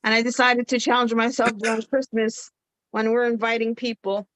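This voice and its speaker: A woman's voice: on the high side, normal speed, slight background noise. A woman telling a funny story in casual chat, laughing and acting out the quotes. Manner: animated, laughing, acts out quotes.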